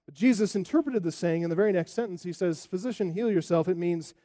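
Male pastor, sermon delivery: high-pitched, warm, expressive, rhetorical. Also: fast. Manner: expressive preaching with rhetorical questions.

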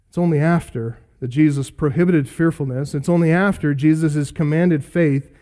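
A man's voice: high voice, mellow. A man preaching a sermon in an earnest, emphatic way, repeating key phrases for weight. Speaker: pastor.

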